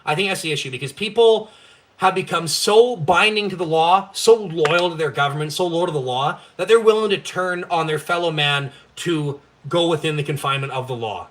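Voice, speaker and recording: Fast, profane ranting young man. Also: fairly high pitch, a little hiss or hum. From Canada. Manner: profane, blunt, fired-up ranting. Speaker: live-stream host. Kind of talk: ranting casual chat.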